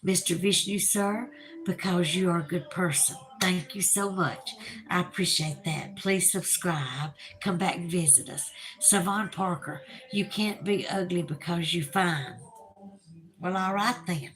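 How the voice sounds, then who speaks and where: A woman's voice: on the low side, measured pace, fairly bright tone, faint music behind, rough recording. A woman with a Southern US accent hosting a casual livestream, reading viewer comments aloud in a chatty way and laughing often. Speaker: livestream host.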